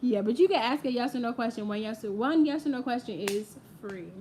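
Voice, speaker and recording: A woman's voice: fairly high pitch, lively intonation, brisk, a little hiss or hum. A young woman hosting a casual live-stream tarot reading, chatty and playful, speaking directly to her viewers. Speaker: tarot reader. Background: quiet ambient audio playing.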